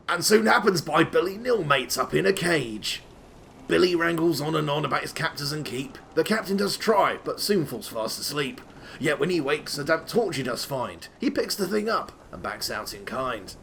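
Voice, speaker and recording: Gravelly man hamming up rhyming verse. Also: a little high, big pitch swings, moderate pace, fairly bright tone, a little hiss or hum. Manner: reads in a put-on rustic old-timey accent that keeps slipping; breaks off into sweary, laughing asides. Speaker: reader of a game walkthrough. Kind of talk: comic dramatic reading of rhyming verse.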